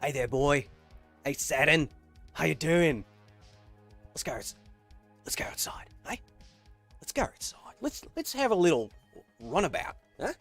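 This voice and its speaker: A man's voice: on the high side, expressive, unhurried, pauses often, a bit bright, faint music behind, heavily acted. A man doing a put-on Australian accent, playing a cheery Australian bloke who greets a dog in an exaggerated drawl. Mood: cooing.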